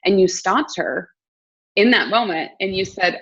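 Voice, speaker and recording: A woman's voice: medium pitch, measured pace, a bit bright, slightly rough, dull audio. A woman hosting a conversational interview, reflective and thinking aloud as she talks. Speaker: host.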